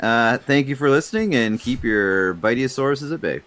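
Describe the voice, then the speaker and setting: An easygoing man co-hosts a casual movie review podcast at a middle pitch. He mostly answers in short agreeing replies. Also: animated, moderate pace, a bit bright. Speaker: podcast co-host.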